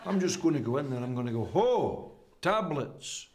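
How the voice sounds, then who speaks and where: A crabbit old Scottish man who swears and mocks, his voice swinging up and down. He keeps it gruff and blunt, with steady noise behind him. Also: medium pitch, normal speed. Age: older. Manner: gruff, swears a lot, mocking.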